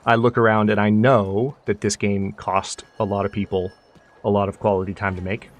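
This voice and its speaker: A man's voice: on the low side, flat delivery, moderate pace. A man streaming a game live, chatting casually and thanking viewers, often mimicking characters.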